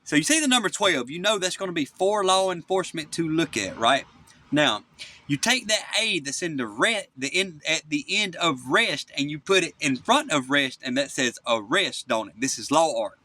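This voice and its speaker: Here the same kind of self-recorded phone rant plays out: an angry man swearing and rambling to his front camera, tossing in "okay?" repeatedly. His voice leans high, with lively intonation, a moderate pace and a sharp edge.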